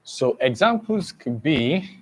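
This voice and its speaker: Guy teaching english exam prep, talks real slow, says everything twice, keeps asking do you understand. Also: medium pitch, sing-song. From Nigeria. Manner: slow, repetitive, checks understanding often.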